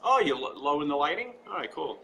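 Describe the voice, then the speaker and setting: A man's voice: fairly high pitch, big pitch swings, fast, over a noisy crowd, poor audio. A man from New York with a New York accent, a guest talking fervently at home and peppering his talk with "you know". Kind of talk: casual interview chat.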